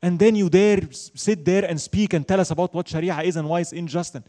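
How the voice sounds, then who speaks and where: His voice is high, steady, and warm as he teaches Islamic studies in an emphatic lecture. He frequently answers his own questions and recites Arabic verses rapidly.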